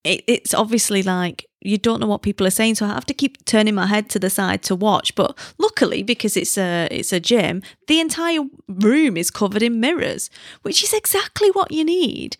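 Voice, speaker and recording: Chatty woman with a gravelly voice. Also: mid-range voice, expressive, moderate pace, no room sound, clean studio sound. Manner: chatty, giddy, rambling tangents. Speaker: podcast host. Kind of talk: casual chat.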